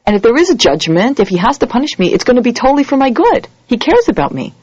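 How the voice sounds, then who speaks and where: A woman giving an animated lecture, acting out little scenes and quoted voices as she teaches. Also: fast talker, slightly rough, no echo. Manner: animated, acts out quoted voices with big pitch jumps. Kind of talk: lively lecture. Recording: dull lo-fi audio recording.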